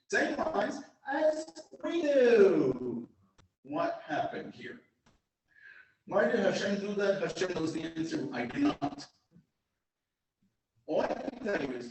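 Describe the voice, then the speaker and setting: A man gives an informal lecture, wandering from one anecdote to the next. His voice sits a little high and swoops up and down with lively energy. He is recorded from a distance in a very echoey room. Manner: animated, digressive storyteller. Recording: very echoey room, mic far off.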